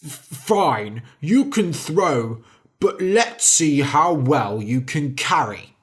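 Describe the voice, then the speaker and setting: A storyteller voicing a huge, mean-tempered male giant who speaks in a slow, heavy, grudging way. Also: mid-range voice, very animated. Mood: gruff.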